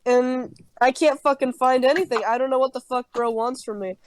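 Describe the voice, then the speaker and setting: A woman's voice: high-pitched, steady tone, moderate pace, darkish tone, dry recording, poor audio. A young woman telling an improvised comic campfire story on a podcast, rambling with heavy swearing and many fillers. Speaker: podcast co-host.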